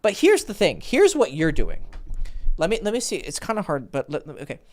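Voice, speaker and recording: A man's voice: fairly high pitch, wildly swooping pitch, brisk. A man coaching a caller on a livestream, talking bluntly and swearing, jumping from thought to thought. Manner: jumps between thoughts. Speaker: dating coach.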